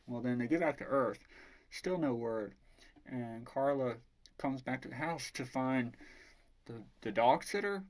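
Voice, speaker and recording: A man's voice: mid-range voice, expressive, unhurried. A man casually retelling a novel's plot as a book reviewer, rambling and swearing freely.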